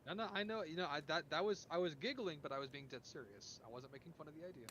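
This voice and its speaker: A man playing a tabletop game, asking quick, eager questions. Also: a little high, a bit bright, muffled recording, a little hiss or hum. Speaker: player. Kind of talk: casual tabletop game chat.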